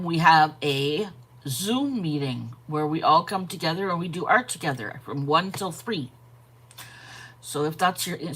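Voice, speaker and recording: A woman hosting a live art stream, chatting casually, greeting viewers by name and pausing to yawn and correct herself. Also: fairly low pitch, fairly bright tone, breathy edge. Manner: frequent yawns and self-corrections. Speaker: art channel host.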